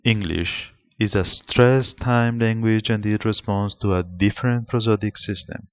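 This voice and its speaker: Slow, measured Spanish-accented male lecturer. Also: fairly low pitch, smooth, dry recording. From Spain. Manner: slow, deliberate, explanatory delivery. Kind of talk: seminar lecture on pronunciation. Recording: slightly dull lo-fi sound.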